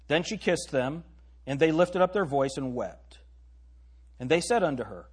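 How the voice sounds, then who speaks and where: Husky preacher man reading scripture. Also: a little high, normal speed. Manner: reads old-style scripture, breaks off for joking asides to the congregation. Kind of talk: sermon reading scripture aloud.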